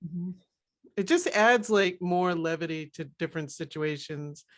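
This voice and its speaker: A woman's voice: fairly low pitch, a little slow. A woman co-hosting a talk show, chatting casually, laughing easily, using many fillers and agreeing often. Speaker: co-host. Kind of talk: casual chat.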